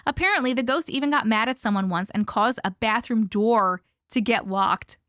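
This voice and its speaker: A woman hosting a casual live stream, chatting with viewers and reading stories aloud with hushed dramatic pauses. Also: fairly high pitch, no room sound, clean studio sound.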